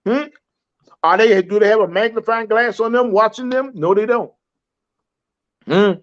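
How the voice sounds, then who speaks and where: Man, high voice, rambling and halting, muffled lo-fi sound. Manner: rambling, many fillers and restarts, laughs often. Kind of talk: casual podcast talk.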